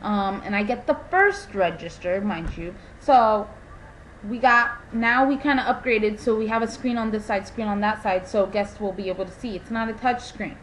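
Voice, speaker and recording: A woman's voice: medium pitch, normal speed, a little hiss or hum, rough recording. Exasperated young woman ranting. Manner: exasperated, animated storytelling, lots of "like". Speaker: vlogger. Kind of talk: casual ranting vlog.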